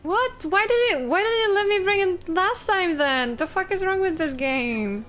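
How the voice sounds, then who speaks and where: A woman's voice: very high voice, animated, normal speed, fairly bright tone. A young woman playing a co-op game, giggly and exclaiming in disbelief. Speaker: co-player. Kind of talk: casual gaming chat.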